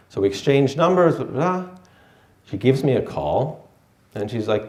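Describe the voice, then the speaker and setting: A man's voice: fairly low pitch, expressive, a little slow, a little mellow. A man telling a personal story live, with a wry, self-deprecating delivery. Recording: echoey room.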